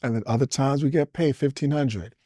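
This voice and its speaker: A man's voice: medium pitch, a little fast, mellow, dry recording, studio quality. A man in his forties, originally from the Caribbean, talking as an interview guest in a loose, rambling way that jumps between topics and is broken up by chuckles. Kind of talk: casual storytelling interview.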